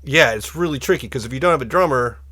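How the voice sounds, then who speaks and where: A man talking as a podcast guest, rambling through stories with many restarts and getting animated as he goes. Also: mid-range voice, quick pace. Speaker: guest musician and instrument builder. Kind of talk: casual podcast conversation.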